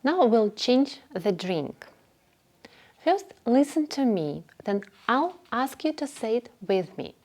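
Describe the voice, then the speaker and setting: A woman teaching beginner English, speaking clearly and patiently and repeating phrases for learners to follow. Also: on the high side, sing-song, slow, darkish tone. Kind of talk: slow instructional narration.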